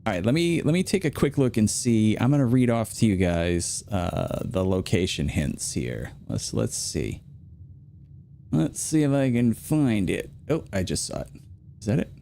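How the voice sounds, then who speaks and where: A man streaming a video game, chatting casually and telling rambling, animated stories. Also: on the low side, normal speed, creaky, a little hiss or hum. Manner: rambling, animated storyteller who acts out quotes.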